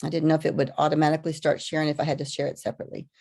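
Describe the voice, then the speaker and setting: A woman gives a live online lecture as a webinar presenter. She talks haltingly, with many ums and restarts, over a video call. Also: sits low, flat delivery, vocal fry, a little mellow.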